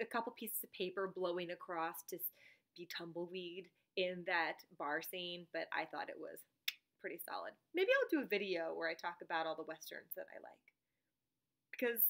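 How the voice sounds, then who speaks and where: A woman's voice: lowish voice, bright, forceful tone. A woman talking casually to her viewers in a rambling, chatty way, often breaking into laughs; she is a teacher who makes reaction videos, speaking at home to a camera mic.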